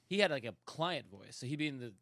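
A man in his thirties, a stand-up comedian, chatting as a podcast guest and telling animated stories. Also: mid-range voice, quick pace, a little hiss or hum. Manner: animated storyteller, acts out quoted voices. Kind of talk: casual podcast chat.

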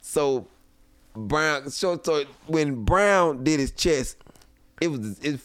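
Animated man telling a story. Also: on the high side, slow pace, no echo. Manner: animated storyteller, acts out voices, laughs often. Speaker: comedian guest. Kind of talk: casual storytelling chat. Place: home studio.

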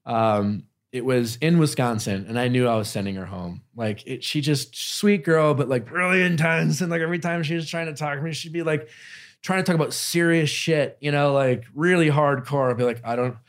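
A man's voice: a little high, normal speed. A young man hosting a podcast, telling a story in casual chat with lots of fillers and restarts. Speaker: podcast host.

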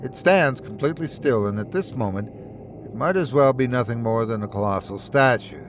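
A man narrating a first-person horror story in a measured, steady storytelling voice. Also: mid-range voice, soft background music.

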